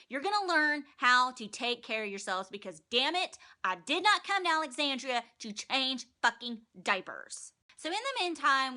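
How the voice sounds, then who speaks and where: A woman giving a casual, animated, profane recap of a TV episode. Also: medium pitch. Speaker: TV recap vlogger.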